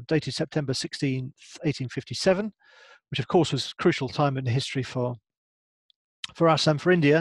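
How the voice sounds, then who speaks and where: A man's voice: medium pitch, gravelly, dry recording. A man, a family history expert giving a hesitant presentation with many ums and restarts. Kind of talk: online presentation.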